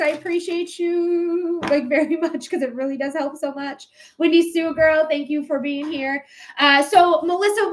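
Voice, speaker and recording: Woman, high voice, casual livestream psychic host, affectionate, rambly. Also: slight background noise. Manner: affectionate toward viewers, calls them my love; rambling, with many fillers and restarts.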